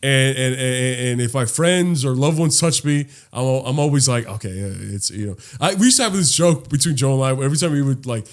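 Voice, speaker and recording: A young man co-hosts a casual podcast, chatting and telling animated stories full of swearing and acted-out quotes. His mid-range voice moves fairly quickly with few pauses.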